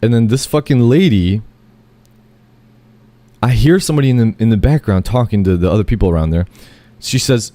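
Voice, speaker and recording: A man's voice: on the low side, brisk, pauses often, warm tone. A man telling a long, rambling first-person story, full of fillers, self-corrections and casual swearing.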